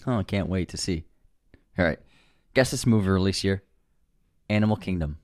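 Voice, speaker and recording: A man's voice: sits low, moderate pace, no room sound, studio quality. A man co-hosting a movie podcast, joking around and reading ads. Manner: lively, joking. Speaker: podcast co-host. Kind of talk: casual chat and ad reads.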